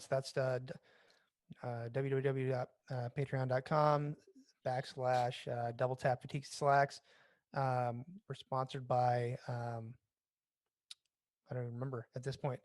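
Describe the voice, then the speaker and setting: A man's voice: medium pitch, no room sound. Rambling veteran man co-hosting a podcast. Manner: rambling, halting restarts, mild cursing. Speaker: podcast co-host and military veteran. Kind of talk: casual podcast chat.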